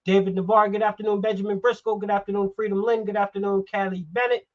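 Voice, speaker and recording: A man's voice: sits high, level tone, fast talker. Middle-aged male show host, fired-up and blunt, muffled lo-fi audio. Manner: emphatic, heated, swears. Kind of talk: political talk show.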